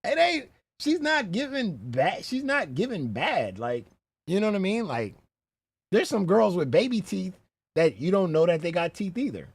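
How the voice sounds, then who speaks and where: A man reacting to clips on a stream in casual commentary, animated and talking straight to the viewer, often saying "bro". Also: high-pitched, normal speed, slightly rough, no echo.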